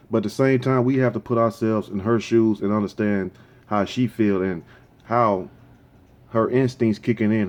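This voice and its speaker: A man's voice: on the low side, darkish tone. A man hosting his own show, giving rambling, opinionated commentary in a casual, conversational way. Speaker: show host.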